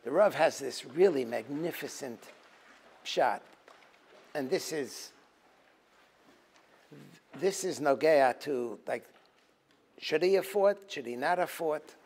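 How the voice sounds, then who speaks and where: A rabbi lecturing on a Talmud passage in a fairly high voice. He quotes the Hebrew text, then explains it in English with lively, emphatic delivery. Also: slow, long pauses, breathy edge. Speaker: rabbi teaching a Tisha B'Av program.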